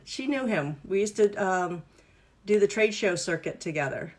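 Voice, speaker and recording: A woman's voice: mid-range voice, lively intonation, moderate pace, darkish tone. A woman coach leading a live online workshop, explaining exercises in an upbeat, playful, instructive way. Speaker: wellness and business coach.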